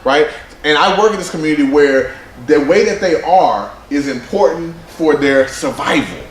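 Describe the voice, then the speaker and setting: Animated man presenting at a conference. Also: fairly high pitch, moderate pace, slight background noise. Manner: animated, conversational, quotes people in voices. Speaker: presenter at a men's summit. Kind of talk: conference talk with slides. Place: conference room. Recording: roomy hall sound with faint ambience.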